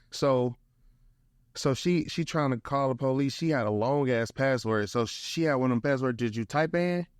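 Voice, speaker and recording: A St. Louis motivational speaker in his young adult years, here as a guest, tells a laid-back story with plenty of slang and "bro." His middle-range voice runs at an ordinary speed, and the sound is close-miked and dry with no echo.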